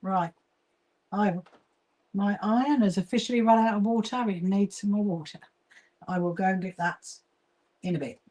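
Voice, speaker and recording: A woman's voice: mid-range voice, steady tone, normal speed, long pauses, darkish tone. Chatty woman hosting a sewing livestream. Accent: southern English. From Brighton, England. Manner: chatty, reads and greets viewer comments, frequent fillers and laughs. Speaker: livestream host, quilting association founder. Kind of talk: casual livestream chat while sewing.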